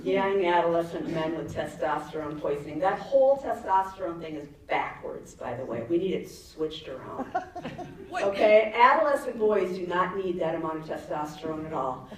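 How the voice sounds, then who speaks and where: A woman's voice: fairly low pitch, lively intonation, normal speed. Woman, 50s, stand-up comic, chatty and giggly; very echoey room, distant mic. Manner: chatty, laughs at her own jokes, asks the crowd. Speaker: stand-up comedian. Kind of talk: stand-up comedy set. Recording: echoey venue, mic far off, faint ambience.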